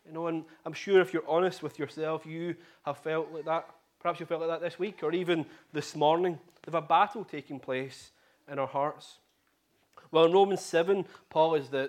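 A man preaching a sermon in an earnest way, repeating key phrases for emphasis. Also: on the high side.

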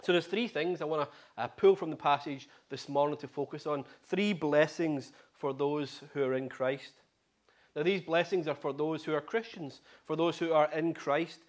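Guy preaching, earnest, a bit high voice, keeps repeating the big lines. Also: normal speed. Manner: earnest, repeats key phrases for emphasis. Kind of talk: sermon.

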